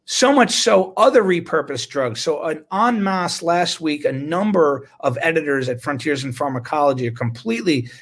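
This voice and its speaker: A man's voice: on the high side, animated, normal speed, few pauses, fairly bright tone. A man, a physician, giving an indignant, sarcastic talk about medical research, with bursts of laughter. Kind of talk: impassioned talk.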